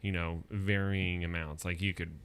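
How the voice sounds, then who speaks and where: A man's voice: low-pitched, flat delivery, normal speed, a bit bright, clean tone. A man chatting casually as a guest on a live podcast recorded in a bar, easygoing and knowledgeable.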